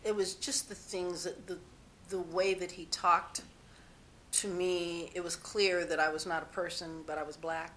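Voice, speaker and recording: A woman's voice: on the low side, little pitch movement, measured pace, fairly bright tone, slight background noise. A woman being interviewed, telling personal stories in a rambling, candid way and often restarting her sentences. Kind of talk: personal storytelling.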